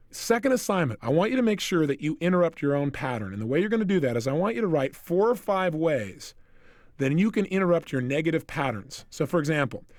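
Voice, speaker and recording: Animated man giving a self-help lecture. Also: a little high, no echo, studio quality. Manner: animated, energetic, addresses listener directly.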